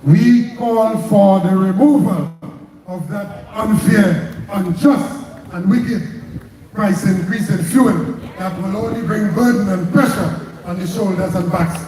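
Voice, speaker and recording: Trinidadian man, union leader, high voice, fiery rally speech, booming echoey PA, heard from afar. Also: slow, dark tone. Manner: fiery, rhetorical, repeating slogans. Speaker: trade union president. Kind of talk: May Day rally speech. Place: outdoor street rally. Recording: echoey PA from far off with crowd.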